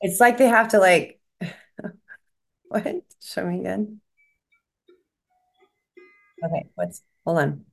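A woman's voice: medium pitch, lively intonation, slow pace, gravelly, long pauses, soft background music. A woman talking as a psychic medium in casual chat, rambling and restarting as she relays what she is shown.

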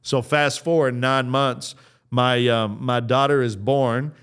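A man's voice: mid-range voice, fairly even intonation, slow pace, fairly bright tone, smooth. Earnest man preaching a conversational sermon. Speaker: pastor.

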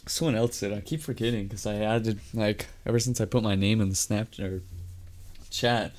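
Laid-back low-voiced co-host, a man. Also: normal speed, darkish tone. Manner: laid-back, swears, laughs easily. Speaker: podcast co-host. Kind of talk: casual live-stream chat. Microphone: headset.

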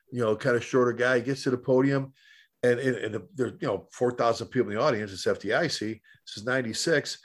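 A man co-hosting a podcast, a fire service instructor who tells stories in an animated way, full of restarts and stumbles. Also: mid-range voice. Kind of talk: casual storytelling chat.

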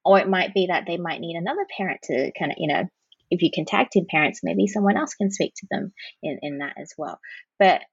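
A woman with a low, husky voice explains parenting advice in a conversational podcast interview. She often slips into the soft phrases she suggests parents use. The sound is dry and a bit dull, with little room echo. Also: a little fast. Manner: explains with demonstrated soothing phrases. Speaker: parenting counsellor guest.

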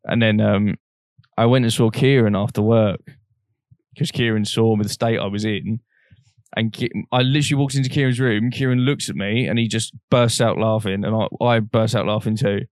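A man's voice: fairly low pitch, steady tone, moderate pace, darkish tone, no echo, studio quality. A young man telling a frank personal story on a podcast, swearing freely and acting out the voices of people he quotes. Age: young adult. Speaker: podcast co-host. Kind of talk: casual storytelling chat.

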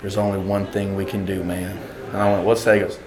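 Animated man telling stories, laughing. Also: low voice, a little fast, a crowd in the background. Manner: lively anecdotes, acts out quoted voices, laughs often. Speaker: singer and bandleader. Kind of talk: animated storytelling in an interview.

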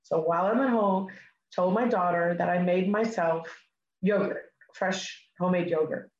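Animated woman storyteller, echoey room. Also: on the low side, normal speed, muffled recording, slight background noise. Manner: animated, acts out dialogue. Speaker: interview guest. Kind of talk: personal storytelling.

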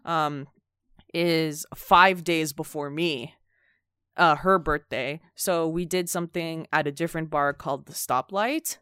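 A woman's voice: deep voice, unhurried, a bit bright, smooth, dry recording, studio quality. A peppy young woman co-hosting a podcast, telling a story in casual chat. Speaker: podcast co-host.

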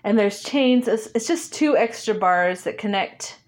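Animated woman telling a story. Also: medium pitch, measured pace. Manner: animated, laughs often, acts out dialogue. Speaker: interview guest. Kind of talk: casual storytelling.

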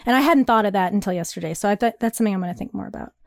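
A young woman co-hosting a casual chat, rambling and animated, laughing often and filling her talk with "like". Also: medium pitch, racing, gravelly, no echo, clean studio sound. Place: New York.

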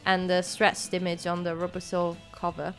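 A woman's voice: fairly low pitch, monotone, moderate pace, soft background music. A woman hosting a podcast, mixing read-out notes with casual, hesitant chat that is full of fillers. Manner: chatty, hesitant, many fillers. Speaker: podcast host.

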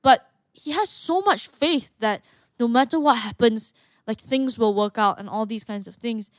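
A young woman from Malaysia, a fighter telling stories as a guest in a casual interview, animated and quick with asides. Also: on the high side, dry recording, clean studio sound. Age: young adult. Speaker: guest, mixed martial artist.

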